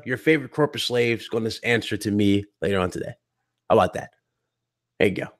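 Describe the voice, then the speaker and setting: A male gaming podcast host ranting to his live chat in a heated, blunt and mocking way. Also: medium pitch. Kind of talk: live stream rant to chat.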